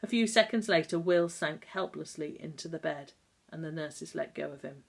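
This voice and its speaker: A woman reading a novel aloud in a calm, measured way. Her voice sits notably low for a woman, steady through the narration. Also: creaky. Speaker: audiobook narrator. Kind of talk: scripted narration.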